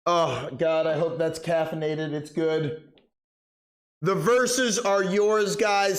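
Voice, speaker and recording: A man's voice: on the high side, takes it slowly. A young man live-streaming a game with comedic, overdramatic mock panic.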